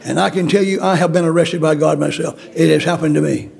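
A man's voice: fairly high pitch, steady tone, quick pace, gravelly, a little mellow. A man preaching a sermon, emphatic and repetitive, acting out the voices in the story he tells. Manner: repetitive, emphatic, acts out quotes.

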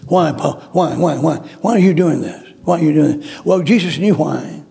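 A man's voice: a little high, normal speed, vocal fry, mellow. A man preaching a sermon, emphatic and repetitive, acting out the voices in the story he tells. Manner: repetitive, emphatic, acts out quotes.

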